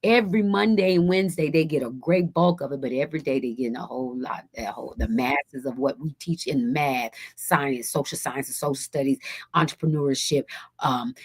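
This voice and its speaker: A woman's voice: normal speed, breathy edge. A woman guest on a radio talk show, telling a story casually with many restarts and acting out other people's voices. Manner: animated, acts out quoted voices with big pitch jumps; rambling with frequent restarts.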